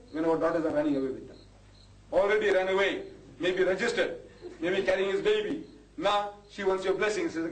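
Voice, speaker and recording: A man, giving an impassioned lecture to a live audience. His voice sits fairly high and leaps up on rhetorical questions. It is recorded from far off in an echoey hall, with a faint hiss behind. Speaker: Islamic preacher.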